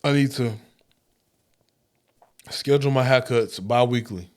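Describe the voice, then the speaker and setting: A man co-hosting a podcast, chatting casually in laid-back slang from Houston, often trailing off quietly. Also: medium pitch, a little slow. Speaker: podcast co-host. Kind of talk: casual banter.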